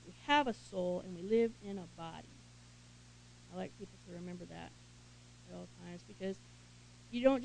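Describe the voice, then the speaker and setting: A woman's voice: medium pitch, gravelly, darkish tone, slight background noise, poor audio. Woman teaching the Bible casually. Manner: reads scripture aloud emphatically, then comments in casual asides with small laughs. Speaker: Bible study leader. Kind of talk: conversational Bible teaching with scripture reading.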